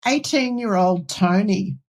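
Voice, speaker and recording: A woman's voice: medium pitch, animated, takes it slowly, a little mellow. A woman hosting an interview, reacting with short interjections and asking questions. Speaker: host. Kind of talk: casual interview.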